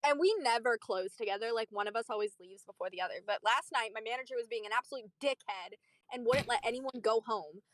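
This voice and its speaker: A young woman streamer chatting casually, telling a story in an animated, profane way. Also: on the high side, fast, dry recording, clean studio sound. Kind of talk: casual chat.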